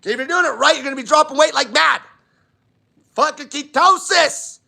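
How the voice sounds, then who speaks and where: High, gravelly man ranting bluntly. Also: racing, sharp tone. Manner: blunt, swears constantly, emphatic. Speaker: diet channel host. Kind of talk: profane live Q&A rant.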